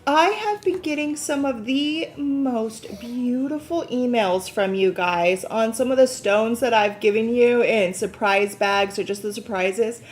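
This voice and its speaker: A woman co-hosting a live crystal show, telling stories in animated casual chat. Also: on the high side, measured pace, few pauses. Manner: animated storyteller, laughs often.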